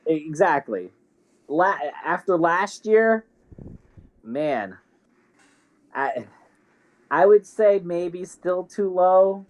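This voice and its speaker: A man co-hosting a podcast in casual chat, hesitant and halting, often restarting his sentences. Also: high voice, expressive. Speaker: podcast co-host.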